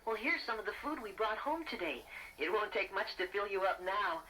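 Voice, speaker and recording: A performer voicing a friendly, earnest young male teddy bear in a storybook cassette, eager and gently instructive. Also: medium pitch, fairly quick, noisy background, close to an everyday voice. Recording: loud music bed.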